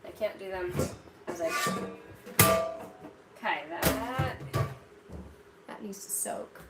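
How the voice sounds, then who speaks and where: A woman's voice: mid-range voice, slow, loud music behind the voice. A woman hosting a casual cooking vlog, chatting to viewers in a rambling way full of "like" while she works in her home kitchen. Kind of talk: casual chat to live viewers. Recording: roomy kitchen, distant mic, audible background noise.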